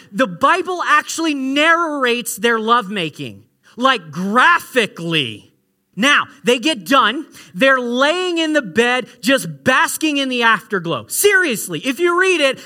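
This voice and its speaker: A man preaching a sermon in a lively, joking way, swinging from loud excited bursts to hushed asides. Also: extremely high pitch. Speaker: pastor.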